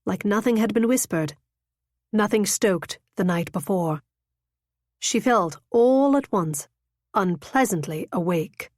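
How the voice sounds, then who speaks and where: A woman reading a romance novel aloud in an intimate, measured scripted narration. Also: mid-range voice, lively intonation, a little mellow, no echo, studio quality. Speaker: audiobook narrator.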